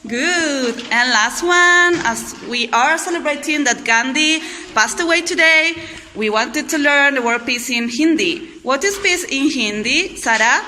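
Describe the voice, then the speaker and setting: A woman teacher leading a class slowly and clearly, praising and prompting the group to repeat after her. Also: high voice, animated, sharp tone. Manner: slow, clear, encouraging. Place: school hall or classroom. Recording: echoey room with faint noise.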